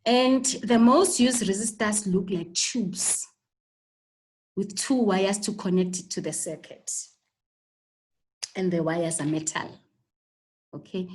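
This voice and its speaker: A woman's voice: on the low side, a little mellow, low-quality recording. A woman with a South African accent teaching a school technology lesson, stammering on repeated words and checking in with "okay?" often. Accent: South African English. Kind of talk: live online lesson.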